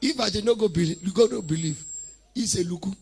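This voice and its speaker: High gravelly Nigerian preacher. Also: male voice, very fast. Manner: humorous storytelling, mimics congregants, laughs often; shouts prayer lines for the crowd to repeat. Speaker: prophet preaching. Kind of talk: sermon.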